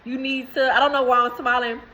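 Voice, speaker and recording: A woman talks straight to her viewers in a loose, rambling way. Her voice sits a little high and sounds bright and forceful. She circles back over her words and breaks into laughs between phrases. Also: flat delivery, a little fast, a little hiss or hum, poor audio. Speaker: vlogger. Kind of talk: casual spiritual talk to camera.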